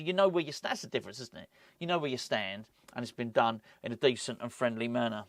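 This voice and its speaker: A man hosting a casual football vlog, rambling and animated, often breaking off with laughs. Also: mid-range voice, fast talker, vocal fry, dry recording, studio quality. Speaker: football fan channel host.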